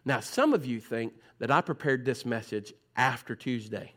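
A man's voice: mid-range voice, animated, normal speed, fairly bright tone. Preacher teasing his congregation. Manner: conversational preaching, teasing the congregation, mimics voices. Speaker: pastor. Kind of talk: sermon. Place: church sanctuary.

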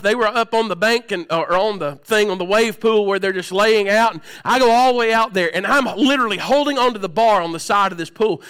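Male preacher, high and bright voice, storytelling sermon that moves between hush and volume. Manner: storytelling, swings between hushed and raised, asks the congregation questions.

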